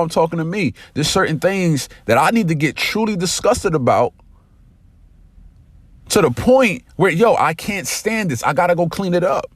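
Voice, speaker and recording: A male motivational podcast host speaks in an energetic, direct way. His pitch swings widely as he pushes his point and tells a story. The recording is dry and close, with no room sound. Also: dry recording. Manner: energetic, direct, calls listeners "family".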